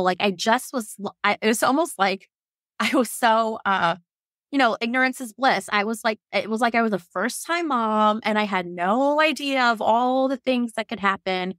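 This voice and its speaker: A woman's voice: fairly high pitch, moderate pace, dry recording, studio quality. A woman in her thirties from Virginia, a podcast guest telling her birth story in a casual, frank way, acting out her own and others' words and laughing often. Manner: animated, quotes herself and others, laughs often.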